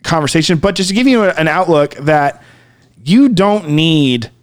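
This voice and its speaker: A man on a podcast spins a long personal story, rambling and casual and packed with "like" and "dude". His voice sits a touch high. He turns earnest and reflective as he goes. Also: animated, a little slow. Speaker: podcast co-host.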